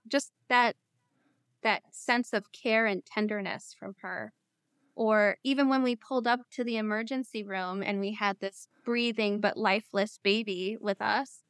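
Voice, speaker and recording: A woman guest in an interview, telling personal stories in a candid, reflective way with soft hesitations. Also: fairly high pitch, clear, resonant tone, no room sound, studio quality.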